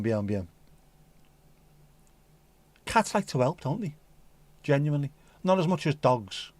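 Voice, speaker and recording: A man's voice: medium pitch, a little mellow, dry recording. A man with a mid-range voice chats his way through viewer comments on a livestream. He rambles and jokes as he goes. The sound is dry and close. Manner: jokey, rambling, playful. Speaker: livestream host. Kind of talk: casual chat reading viewer comments.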